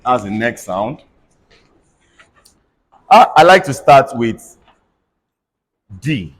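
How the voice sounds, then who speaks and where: A man's voice: medium pitch, big pitch swings, takes it slowly, long pauses, slightly rough. Man teaching pronunciation drills. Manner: spells words letter by letter and has the class repeat them. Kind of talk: classroom lesson with call-and-response drills. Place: classroom.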